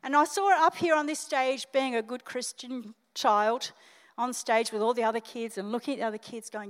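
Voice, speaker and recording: An older Australian woman preaching from the stage in a high, bright voice. She talks straight to her congregation, animated and emotional. Her words ring out with the long reverb of a church hall. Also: normal speed. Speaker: senior pastor. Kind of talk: sermon.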